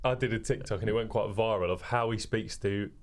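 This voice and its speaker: A young man presenting a casual football chat, a lively storyteller who laughs often. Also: lowish voice, fairly quick. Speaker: podcast presenter.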